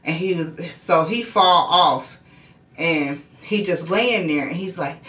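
Woman recounting her own story, unhurried and repetitive, recorded in a reverberant room. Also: lowish voice, bright, forceful tone. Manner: rambling, repetitive, conversational with many fillers. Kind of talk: casual personal storytime.

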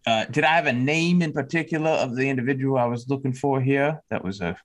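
A man's voice: medium pitch, quick pace. A man playing a tabletop role-playing game, talking casually with the game master. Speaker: player.

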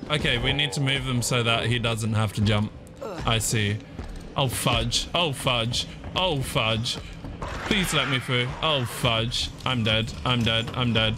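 A man giving let's play commentary on a horror game, panicky, his pitch jumping high when scared, often saying "fudge" in place of swearing. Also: a little slow, over music. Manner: swaps swear words for "fudge". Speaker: gaming YouTuber.

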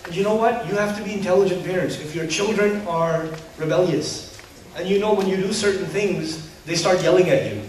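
A man preaching a sermon to parents, animated and humorous, acting out parents and kids. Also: high voice, fairly quick, a little hiss or hum. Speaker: Muslim preacher. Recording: roomy hall echo from a distance.

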